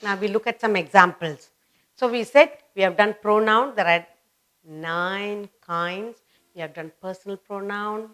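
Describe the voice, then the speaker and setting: Slow, deliberate woman teaching grammar. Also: mid-range voice, a bit bright. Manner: repeats words and phrases slowly and deliberately for emphasis. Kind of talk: slow, repetitive grammar lesson for children.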